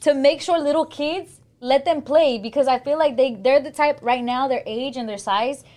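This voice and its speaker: A woman with a slightly high voice co-hosts a podcast. She tells personal stories bluntly and animatedly, swearing as she goes. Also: normal speed, darkish tone. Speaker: podcast co-host. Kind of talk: casual chat. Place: podcast studio.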